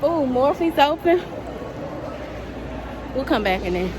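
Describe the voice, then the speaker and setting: A woman chatting excitedly to viewers while strolling through a mall, filmed on a handheld phone. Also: high-pitched, slow pace, noisy background. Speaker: vlogger. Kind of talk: casual shopping vlog chat. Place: outdoors and inside a shopping mall.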